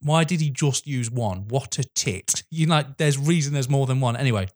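A man in casual film chat, fast and laughing, retelling scenes with animation. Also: medium pitch, a little mellow.

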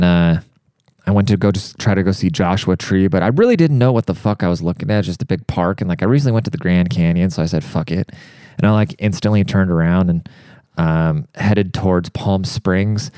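A young man rambles through a profane comedic rant, worked up and crude. His voice sits low with a dark, mellow tone. The sound is close and dry. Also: normal speed, smooth, dry recording. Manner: profane, rambling, fired-up, says dude a lot. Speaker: monologue speaker.

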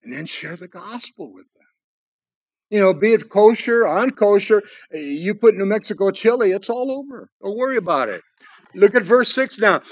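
Older male pastor, high voice, dry close sound, folksy preaching with jokes. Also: animated, normal speed, no room sound. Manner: folksy, joking asides, dynamic swings from loud to hushed. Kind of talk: sermon.

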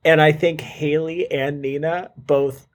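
A man's voice: on the high side, fairly even intonation, a little slow. A man co-hosting a podcast in casual chat, laughing often and acting out the players with dramatic impressions. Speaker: podcast co-host.

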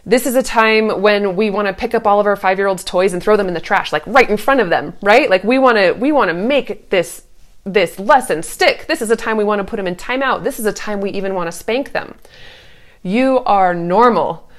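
An earnest woman in her thirties talks parents through hard moments in a reassuring, conversational way. Her voice sits at an everyday middle pitch, and now and then she slips into a sweet, sing-song tone to act out a parent's words. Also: a little fast. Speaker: parenting coach. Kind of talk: casual advice talk.

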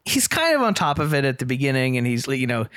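A man's voice: medium pitch, quick pace, dry recording. Chatty man co-hosting a film podcast. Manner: animated, many restarts, quotes lines in put-on voices. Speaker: podcast co-host. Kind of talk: casual film discussion.

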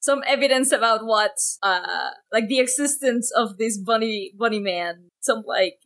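A woman player in a tabletop game, halting and hesitant as she works out her moves. Her voice sits a little high. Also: fairly bright tone. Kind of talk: tabletop role-play.

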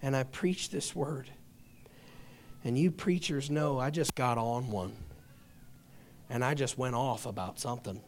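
A middle-aged male pastor preaching a sermon with passionate storytelling, swinging from hushed asides to loud emphasis. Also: mid-range voice, a little slow, pauses often, a little hiss or hum.

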